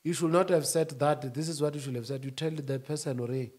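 A man speaking as a union-leader guest, emphatic, rising to shouts and then dropping low. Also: fairly even intonation, fairly quick. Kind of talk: animated interview talk.

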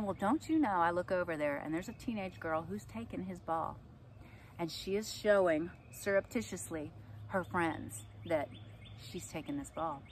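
A middle-aged woman, an astrology and yoga teacher, telling personal stories in a casual, animated way and acting out what people said. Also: medium pitch, normal speed, slight background noise. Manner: animated, acts out quotes with laughs. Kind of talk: casual storytelling to camera.

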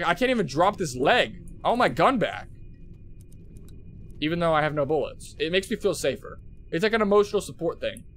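A young male gaming streamer with a fairly high voice that leaps all over the place, swinging from hushed nerves to loud yelling. He swears freely and talks straight to his chat, with a faint hiss under the headset mic. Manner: jumpy, swears a lot, shouts at chat. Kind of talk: live horror game commentary.

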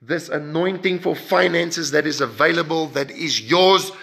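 A man preaching a sermon in an emphatic way, with sudden rises and drops in pitch and loudness and frequent repeated words. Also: normal speed, creaky.

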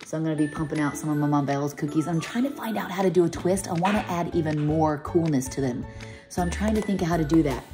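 A middle-aged woman vlogging to camera, a chatty mother who rambles and gets emotional easily. Her voice sits fairly low, and the room is echoey with soft music playing behind her. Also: quick pace. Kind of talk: casual chat to camera.

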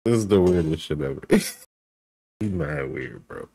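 A man's voice: extremely low pitch, big pitch swings, unhurried, gravelly, mellow, breathy edge, no room sound. A man reacting to a clip in disbelief, laughing, swearing and repeating his exclamations in slang. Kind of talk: reaction commentary.

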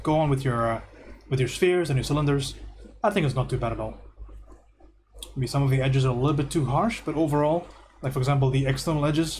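A man at a middle pitch reviews students' painting homework live, in a relaxed, encouraging way, thinking aloud as he goes. He often repeats his praise before pointing out small fixes. A faint hum sits under his voice. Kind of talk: livestreamed homework critique.

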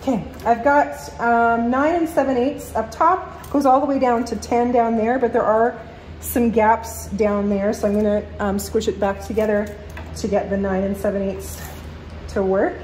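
A woman's voice: fairly high pitch, steady tone, normal speed, darkish tone. Woman in her woodshop talking thru a bookcase fix, kinda breathless, echoey room, lots of shop noise. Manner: thinking aloud while working, practical. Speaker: furniture repair woodworker. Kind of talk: casual workshop commentary. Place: woodworking shop.

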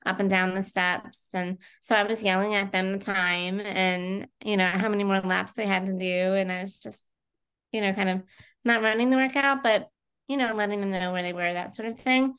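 Smooth-voiced woman telling her story. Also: medium pitch, fairly even intonation, moderate pace, a bit bright. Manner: chatty storytelling with frequent fillers. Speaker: guest. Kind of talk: casual conversational interview.

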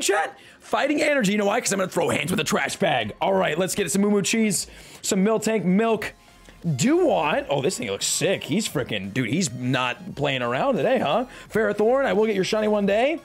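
Young dude hyping card packs to chat, gravelly and kinda raspy, jokey slangy vibe. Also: male voice, high voice, very animated, brisk, soft background music. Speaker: streamer opening trading card packs. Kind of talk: excited casual live-stream chat.

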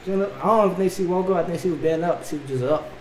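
A man hosting a reaction video, telling a story in a casual, animated, slangy way and saying bro a lot. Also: sits high, racing. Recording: echoey room, mic at a distance, faint noise.

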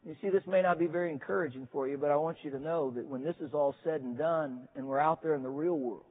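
A man gives a chapel sermon at a seminary in an easygoing, self-deprecating manner, often pausing on filler sounds. His voice sits high for a man. The recording is narrow and tinny, like a phone line. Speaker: preacher.

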